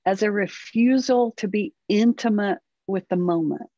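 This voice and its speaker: A woman's voice: mid-range voice, unhurried, no echo, lo-fi sound. A middle-aged woman therapist and parent coach talking earnestly in an interview, acting out her inner voice as she explains. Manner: earnest, animated, acts out inner dialogue. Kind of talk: conversational interview.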